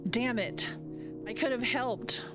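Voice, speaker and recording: A woman's voice: fairly high pitch, slow, over music, voice pushed up. A woman reading the lines of an anxious, self-reproaching young man in a visual novel. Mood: anguished.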